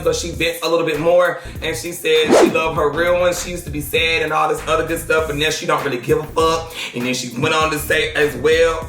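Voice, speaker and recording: A man hosting celebrity gossip commentary, sassy and animated, breaking into shouts and laughter. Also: a little high. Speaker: host of a celebrity gossip show. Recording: roomy echo, faint music behind.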